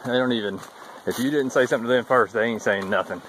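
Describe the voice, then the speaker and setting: A man vlogging casually as he hikes a trail, chatty and wry, thinking out loud. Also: mid-range voice, fast talker, slight background noise, poor audio. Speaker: thru-hiker vlogger. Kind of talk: casual walking vlog. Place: outdoors on a wooded hiking trail. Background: faint outdoor ambience.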